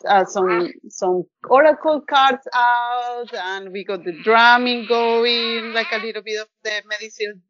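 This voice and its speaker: A woman's voice: mid-range voice, a bit bright, dry recording, lo-fi sound. A woman guest on a podcast, telling a personal story in an effusive, heartfelt way with plenty of fillers. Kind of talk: casual storytelling interview.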